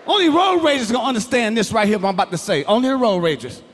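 A man doing a stand-up comedy routine on stage before a live audience, loud and profane, yelling his punchlines. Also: high-pitched, animated, rapid-fire. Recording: live crowd, noisy hall.

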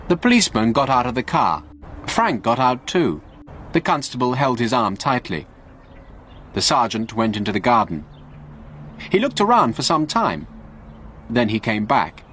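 A man narrating a graded English story for learners in a slow, clear reading voice. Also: medium pitch, sing-song, a bit bright, slight background noise.

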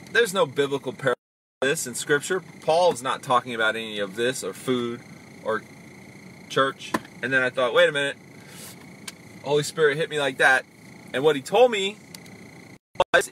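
A man hosting a casual podcast about faith, chatting loosely, acting out quick voices and reading comments aloud. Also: fairly high pitch, a little hiss or hum. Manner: animated, acts out voices, reads comments aloud. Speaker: podcast host.

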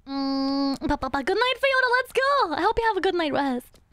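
A playful young woman streamer chats through a game, humming little sound effects. Her voice sits very high and bounces around with lively pitch. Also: moderate pace, dry recording. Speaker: VTuber streamer. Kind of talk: live gameplay commentary.

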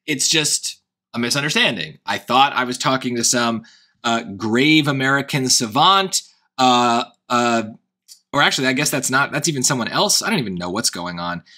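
A man's voice: medium pitch, expressive, normal speed, sharp tone. A man with a Long Island accent tutoring SAT reading, thinking aloud through answer choices with frequent hesitations and restarts. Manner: hesitant, self-questioning, many restarts. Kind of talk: thinking-aloud test prep lesson.

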